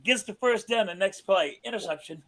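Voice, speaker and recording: A man co-hosting a casual sports podcast, chuckling often and asking his friends questions with halting restarts. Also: sits high, a bit bright. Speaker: podcast co-host.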